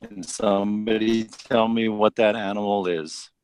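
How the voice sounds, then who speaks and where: A man's voice: lowish voice, fairly even intonation, a little slow, darkish tone, clear, resonant tone. A man leading his team, talking directly and asking the group questions. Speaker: team leader. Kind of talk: coaching a team in a meeting.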